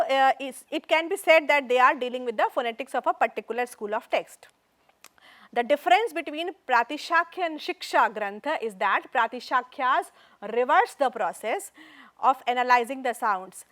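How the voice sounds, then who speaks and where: A woman's voice: high-pitched, a bit bright. A woman with an Indian English accent giving a classroom lecture, explaining step by step and counting out patterns. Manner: explanatory, counts out recitation patterns, switches into Hindi asides. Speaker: university lecturer.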